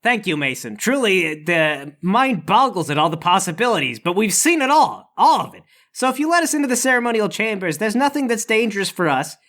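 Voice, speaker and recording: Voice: medium pitch, very animated, a little fast, few pauses, a bit bright. A tabletop player bluffing in character, pompous and commanding.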